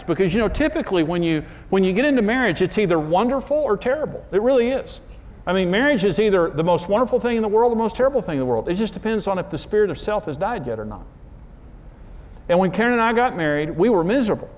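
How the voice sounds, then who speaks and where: Male TV marriage teacher, slightly high pitch, earnest and emphatic, confessional. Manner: earnest, emphatic storytelling with sudden pitch jumps; confessional, self-deprecating. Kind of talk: conversational sermon.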